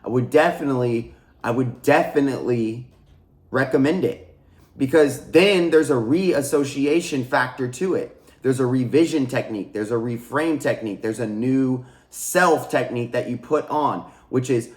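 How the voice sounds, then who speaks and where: This is a man giving an unscripted spiritual teaching to camera, at a middle pitch. He is earnest and repetitive, restarting his sentences and calling his audience guys. His voice rings in a noticeably echoey room. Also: moderate pace, darkish tone. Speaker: spiritual coach and channel host. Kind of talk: casual spiritual teaching monologue.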